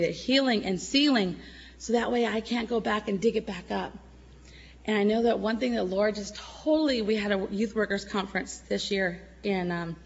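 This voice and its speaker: A middle-aged woman giving an emotional church testimony, at times tearful, swinging between loud exclamations and soft murmurs. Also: medium pitch, breathy edge, muffled recording.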